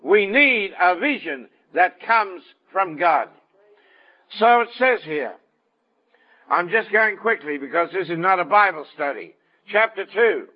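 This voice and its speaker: A man's voice: expressive, measured pace. A man preaching a sermon and telling a story, acting out the dialogue as he goes. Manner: storytelling, acts out dialogue with shifting pitch. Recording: dull lo-fi sound.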